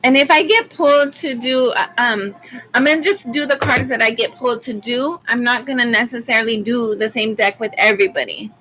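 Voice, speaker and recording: This tarot reader, a mother of school-age children from Arizona, chats her way loosely through a live-stream reading with plenty of ums. She speaks on the high side in a fairly bright tone, and the rough audio has a slight hiss or hum.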